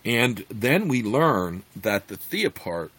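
A man reading a fantasy novel aloud, then pausing to comment on it in a hesitant, filler-heavy way. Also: fairly low pitch, very animated, a bit bright, slightly rough, dry recording. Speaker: reader and commentator.

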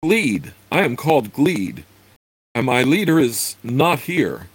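A man's voice: medium pitch, very animated, slow pace, husky, no room sound, pitched above the performer's own voice, exaggerated voice. A man voicing a wizened, wounded male gnome who pleads and curses while reading a fantasy novel aloud. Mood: desperate. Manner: shrieking, pleading. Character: dying wizened male gnome, desperate and hateful.

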